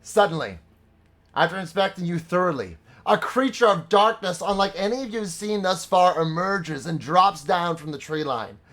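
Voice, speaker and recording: A man's voice: sits high, animated, moderate pace, fairly bright tone. A young man running a live-streamed tabletop game as dungeon master, mixing casual banter with dramatic narration. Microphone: streaming microphone.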